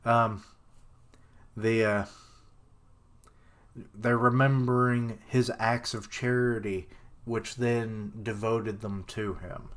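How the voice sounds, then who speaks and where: Slow-talking man rambling through a live reaction. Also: fairly low pitch, fairly even intonation, fairly bright tone. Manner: rambling, thinks aloud with fillers and outbursts. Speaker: streamer reacting to manga. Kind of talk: live reaction, casual commentary.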